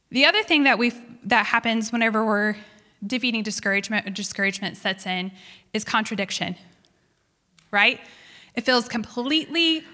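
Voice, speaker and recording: A woman speaking into a handheld microphone, giving a relaxed, conversational sermon with a fairly high, bright voice. Her words ring out with a long reverb in a large room. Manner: conversational, with rhetorical "right?". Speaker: speaker at a faith gathering. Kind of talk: sermon with a book reading.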